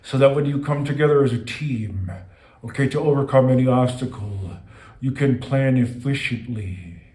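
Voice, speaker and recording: A man voicing a portentous floating head that delivers messages from the other side, slow and solemn, with a constant "okay?" in a roomy, echoey space. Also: medium pitch, dark tone, close to an everyday voice. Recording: roomy echo.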